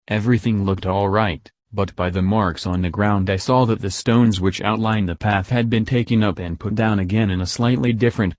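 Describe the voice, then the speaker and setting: A man reading the part of a spirited young woman in an audiobook, quiet and measured, in his own low voice. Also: dry recording, lightly acted.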